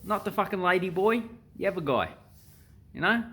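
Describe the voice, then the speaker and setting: A man with an Australian accent voicing a rude, loud-mouthed Aussie bloke who shouts and swears to call someone over. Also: high voice, lively intonation, moderate pace, voice pushed up, exaggerated voice. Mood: yelling, crude.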